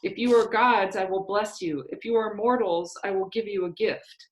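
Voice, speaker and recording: A woman's voice: medium pitch, moderate pace, lightly acted. A woman voicing a grieving underworld queen in labor, moaning and commanding, in a roomy, echoey space. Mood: moaning, imperious. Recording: roomy echo.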